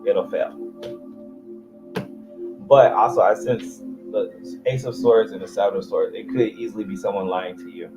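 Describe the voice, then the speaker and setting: A man's voice: on the low side, fairly even intonation, normal speed, pauses often. A man giving a casual livestream tarot reading, chatty and joking at his own expense. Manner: chatty, jokey, self-deprecating, restarts. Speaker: tarot reader. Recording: muffled audio with music behind.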